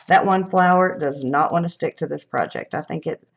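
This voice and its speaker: A woman's voice: low-pitched, moderate pace, creaky, dull audio. Chatty woman demonstrating crafts. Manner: chatty, self-laughing, thinking aloud while working. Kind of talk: live crafting demo.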